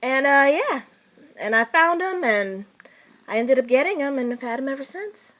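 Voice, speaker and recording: A woman vlogger chatting casually about her pets, relaxed and rambling. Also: high-pitched, normal speed. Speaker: pet owner vlogger. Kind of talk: casual chat.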